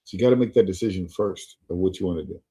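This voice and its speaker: A man's voice: low voice, fast talker, dark tone, breathy edge, poor audio. A middle-aged man teaching sales in a webinar, talking emphatically, repeating key points and checking in with his listeners. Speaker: sales trainer.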